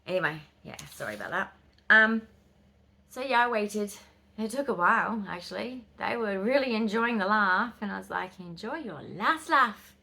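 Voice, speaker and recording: A woman in her fifties with an Australian accent, chatting casually in a vlog and telling stories with quick, excitable asides. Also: medium pitch, vocal fry. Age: 50s. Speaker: vlogger. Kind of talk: casual chat.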